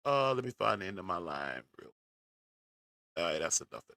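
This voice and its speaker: A man's voice: sits low, big pitch swings, normal speed, creaky, pushed and bright, no echo, studio quality. A man hosting casual reaction commentary, talking folksy and straight to his viewers. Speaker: commentary host.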